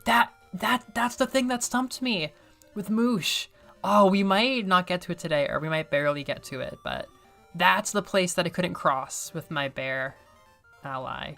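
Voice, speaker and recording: A woman streamer chatting casually and excitably while she plays a video game, often joking at her own expense. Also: lowish voice, a little slow, gravelly, faint music behind. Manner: chatty, excitable, self-deprecating. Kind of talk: casual gameplay commentary.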